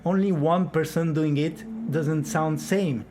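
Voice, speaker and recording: A man's voice: a little high, fairly even intonation, unhurried, heavy background noise. A man teaching flamenco rhythm and clapping, explaining step by step and counting beats aloud.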